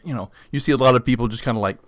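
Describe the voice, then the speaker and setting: A man narrating as game master of a tabletop game, relaxed and often laughing. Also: medium pitch, very fast, dry recording.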